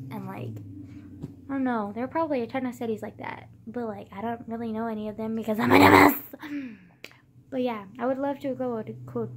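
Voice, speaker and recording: A teenage girl chats to her phone camera in a loose, rambling vlog. She strings thoughts together with endless "like"s and casual swearing. Her voice sits a little high. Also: a little hiss or hum. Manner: rambling, full of "like", swears freely. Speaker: vlogger.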